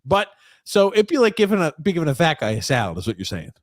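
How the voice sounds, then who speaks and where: A man's voice: fairly high pitch, big pitch swings, fast talker, no echo, clean studio sound. A man co-hosting a casual sports podcast, teasing his partner and laughing often as he talks. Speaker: podcast co-host.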